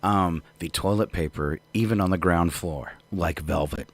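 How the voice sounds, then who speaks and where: A man's voice: low voice, moderate pace, dry recording. An older man co-hosting a casual morning radio show, rambling through jokes and laughing often. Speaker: radio co-host.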